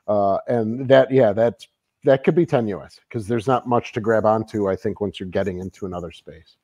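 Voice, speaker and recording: A man's voice: fairly low pitch, normal speed, a little mellow, dry recording, dull audio. A man co-hosting a casual livestream over a video call, explaining things and pointing viewers to his own video. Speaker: livestream co-host.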